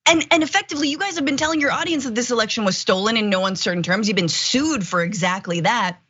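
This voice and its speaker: Woman, co-host, husky slightly high voice, indignant commentary, dull lo-fi audio. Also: fast talker, fairly bright tone. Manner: indignant, acts out quotes. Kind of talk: political commentary chat.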